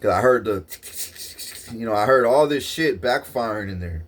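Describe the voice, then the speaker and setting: A lowish-voiced man speaks at normal speed, telling a long, rambling first-person story in a vlog. Excitable and profane, he swears often and keeps restarting his sentences.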